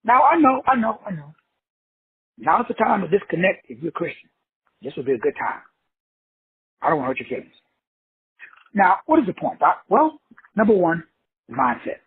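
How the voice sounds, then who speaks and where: This self-help host has a fairly high, breathy voice and a very animated delivery at a moderate pace, pausing often. He lectures his listeners head-on in a blunt motivational monologue laced with swearing. The sound is tinny and dry, similar to a phone call.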